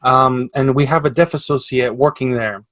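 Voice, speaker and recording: A man's voice: medium pitch, moderate pace, no echo. A man from Canada co-hosting a podcast, telling work stories in casual chat and raising his voice when he quotes people. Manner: animated storyteller, raises voice for quoted lines. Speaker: podcast co-host.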